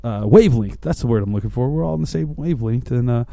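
A man rambles through his podcast sign-off in a loose, chatty way. His voice is mellow and rather dark, and it is recorded dry and close with no room sound around it. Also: medium pitch, lively intonation, quick pace, vocal fry, no echo. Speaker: podcast host. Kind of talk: casual podcast outro.

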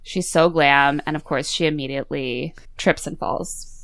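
Woman, casual movie recap, low pitch, animated storyteller. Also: moderate pace, dry recording. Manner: animated storytelling with mock quotes. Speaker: podcast host recapping a movie. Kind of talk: casual chat.

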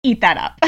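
A woman co-hosting a casual podcast chat, animated and laughing often. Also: high-pitched. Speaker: podcast co-host, Star Trek veteran.

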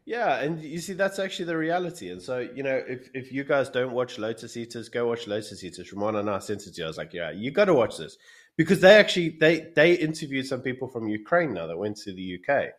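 A man's voice: medium pitch, animated, fast talker. A man from South Africa co-hosting a podcast, telling a long story in casual chat and acting out the people he quotes. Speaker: podcast co-host.

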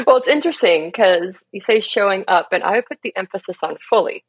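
A gentle, earnest woman coach speaking as a podcast guest. Her lowish voice carries a gravelly, husky edge, and she laughs easily between thoughts. The sound is close and dry, with no room around it. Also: lively intonation, moderate pace, no room sound, low-quality recording. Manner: gentle and earnest, laughs often, leans on "right?" and "you know". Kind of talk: reflective conversational talk.

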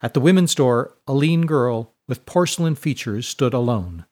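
Brief: male narrator, mid-range pitch, calm measured storytelling for a serialized audiobook.

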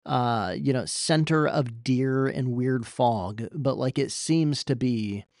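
Earnest pastor preaching with emphatic pleas. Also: male voice, medium pitch, takes it slowly, darkish tone, no echo, studio quality. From Iowa, USA. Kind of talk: sermon.

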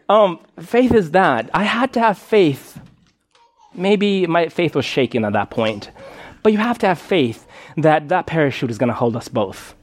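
Casting: young male preacher, high voice, loose conversational sermon full of "you know" and "right?". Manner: casual, chatty, many fillers and restarts. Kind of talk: live sermon with personal story.

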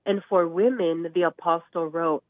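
Over a tinny phone connection, a sick caller with a nasal voice joins a talk show discussion, lively and laughing as she acts out quotes. She speaks at a moderate pace in a fairly low voice, and the recording is dry.

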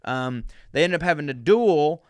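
A man's voice: fairly high pitch, lively intonation, moderate pace, clean tone, no room sound. A man from the South, hosting his podcast in a rambling, self-deprecating casual monologue and swearing freely. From American South. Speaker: podcast host.

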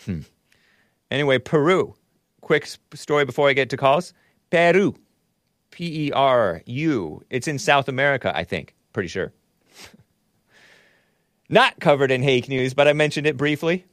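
A man's voice: medium pitch, animated, moderate pace, long pauses, a bit bright, dry recording, clean studio sound. A man hosting a talk show, delivering a sarcastic, rambling monologue full of mocking asides, spelling out names and stumbling over pronunciations. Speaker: host.

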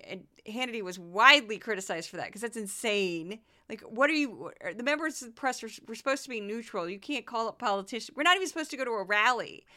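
A woman hosting a podcast, giving animated, sarcastic political commentary. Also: on the high side, smooth. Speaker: podcast host.

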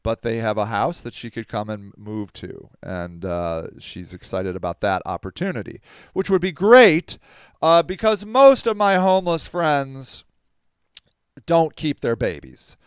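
A man's voice: medium pitch, sing-song, measured pace, clean tone, no echo, clean studio sound. A man hosting a podcast, reading news aloud and commenting on it in a casual, emphatic way. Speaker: podcast host.

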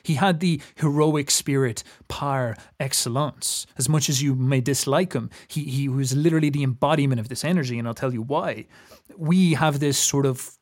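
Earnest and casual, a young man from Ireland speaks with an Irish accent in a mid-range voice at normal speed. His talk turns reflective and philosophical, and he often restarts sentences.

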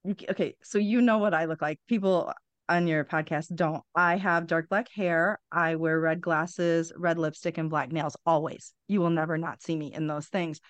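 A middle-aged woman appears as a podcast guest, candidly telling her story in a low voice at normal speed. She's blunt and animated, swears freely, and laughs through painful memories. The recording has no room sound.

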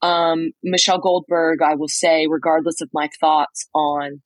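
A woman co-hosting a podcast, telling a lively story in casual chat, acting out quotes with lots of "like"s. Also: low voice, measured pace, no room sound, poor audio. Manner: animated storyteller, many "like"s, acts out quotes. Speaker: podcast co-host reporting from a trial. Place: motel room.

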